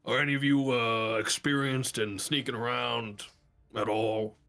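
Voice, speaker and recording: A man's voice: mid-range voice, little pitch movement, measured pace, gravelly, noisy background. A man player chatting casually at a tabletop game in a wry, hesitant way.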